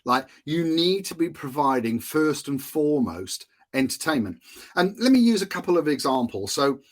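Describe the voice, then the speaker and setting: A man's voice: fairly high pitch, sing-song, normal speed. A man hosting a marketing podcast, explaining in a casual, conversational way with frequent fillers and asides. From United Kingdom.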